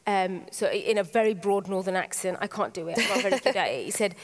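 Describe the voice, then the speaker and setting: A woman from Britain, a guest author on stage, talking in a quick, animated way with frequent restarts as she tells personal stories. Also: mid-range voice. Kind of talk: candid conversational storytelling. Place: large conference hall on stage. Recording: long hall reverb.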